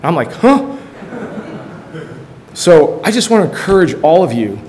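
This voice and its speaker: Middle-aged male coach, church testimony, earnest storyteller, faint rumble behind. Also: sing-song, brisk, darkish tone. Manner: earnest, storytelling, acts out quotes with rising energy. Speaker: high school football coach and ministry leader.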